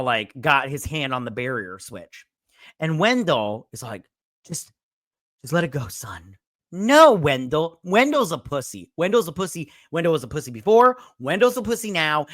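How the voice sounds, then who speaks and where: A man's voice: a little high, sharp tone, dry recording. A man hosting a crude, exasperated episode review, mocking the characters and swearing constantly. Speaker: host. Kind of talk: profane episode review rant.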